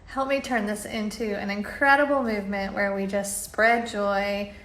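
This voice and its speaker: A woman's voice: mid-range voice, steady tone, moderate pace, fairly bright tone, reverberant. A woman talking casually and earnestly to her audience, chatty and enthusiastic, with many fillers and restarts. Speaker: apparel brand founder. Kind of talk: casual talk to camera.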